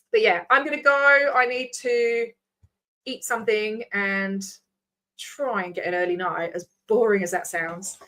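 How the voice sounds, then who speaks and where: A woman's voice: fairly high pitch, pushed and bright. A woman, rambling casually as she signs off her livestream, swearing freely. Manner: chatty, scattered, swears freely. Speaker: vlogger host.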